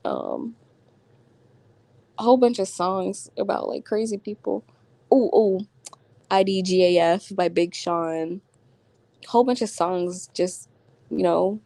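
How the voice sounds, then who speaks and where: A woman's voice: medium pitch, vocal fry, a little mellow, no room sound. A woman vlogging at home, telling a story in slangy casual chat and laughing often as she talks. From Florida.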